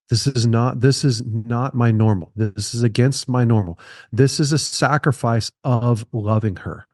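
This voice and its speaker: A man's voice: mid-range voice, darkish tone, no echo, studio quality. A man in his thirties, a podcast guest speaking earnestly and repeating key phrases for emphasis. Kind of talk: conversational podcast interview.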